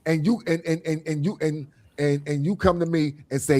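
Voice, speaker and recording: A man's voice: on the high side, normal speed. A man hosting a casual group talk show, telling vivid stories in analogies and acting out what others say. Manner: animated storyteller, acts out quoted voices, laughs often; speaks in analogies, repeats phrases. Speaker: podcast host.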